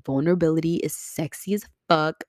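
Low-voiced earnest young woman podcaster. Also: fairly even intonation, fairly quick, darkish tone, dry recording, studio quality. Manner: earnest, heartfelt, emotional, swears casually. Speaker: podcast host. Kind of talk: solo podcast talk.

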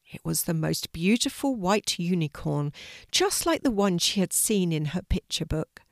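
An older woman reading a children's story aloud in a gentle storytelling manner. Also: on the low side, creaky, dry recording, clean studio sound.

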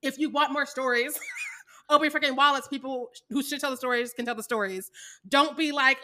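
A woman's voice: sits high, steady tone, moderate pace, bright, forceful tone. A woman co-hosting a casual chat podcast, talking animatedly, laughing often and acting out quotes. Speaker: podcast co-host.

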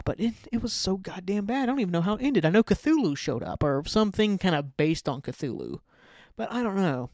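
A man's voice: on the high side, dry recording, studio quality. A man hosting a solo podcast, ranting about bad movies in a profane, sarcastic, rambling way. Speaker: podcast host. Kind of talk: casual solo movie rant.

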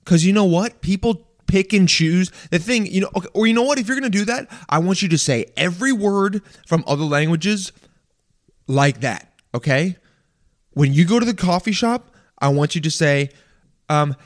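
A man delivering an animated, profane rant in a casual monologue, stammering and restarting often. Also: a little high, moderate pace. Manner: profane, exasperated, animated ranting.

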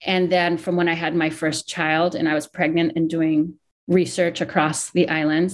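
A woman's voice: deep voice, little pitch movement, normal speed. Candid, emotional woman author. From Hawaii. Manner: candid, emotional, thinks aloud. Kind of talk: interview, reflective talk.

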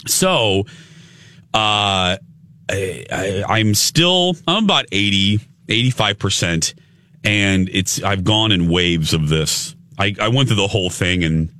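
A man's voice: fairly low pitch, slow pace, sharp tone, no echo. A man co-hosting a morning radio show, sounding like he has something in his mouth while getting over bronchitis, chatting in a rambling way. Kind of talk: casual radio banter. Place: radio studio.

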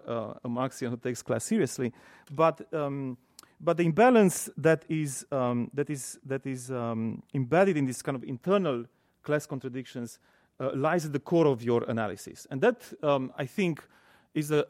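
A man's voice: mid-range voice, darkish tone, dry recording, studio quality. A man moderating an academic event, introducing the guest speaker with many hesitant fillers. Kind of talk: formal introduction.

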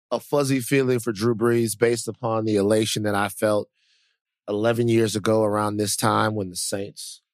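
A man co-hosting a podcast, talking casually in a rambling, animated, self-mocking way. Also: fairly low pitch, no echo, studio quality. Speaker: podcast co-host. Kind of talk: casual chat.

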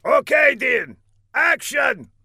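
A man voicing a fussy, theatrical male villain leader with a lush, booming delivery. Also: animated, a little slow, creaky, breathy edge, no room sound, studio quality, exaggerated voice. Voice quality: lush, booming, prone to shouting.

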